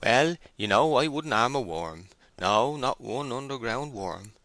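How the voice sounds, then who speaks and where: A man's voice: medium pitch, lively intonation, extremely slow, bright, forceful tone, dry recording, voice pushed up, full character voice. A man voicing a nervous, people-pleasing farmhand who talks uneasily and placatingly. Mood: uneasy.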